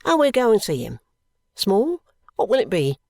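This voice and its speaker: A reader voicing a scheming, sentimental young male law clerk who talks in a confiding, often hushed and whispery way. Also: mid-range voice, huge pitch swings, normal speed, vocal fry, no echo, studio quality, voice pushed up, full character voice. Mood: hearty.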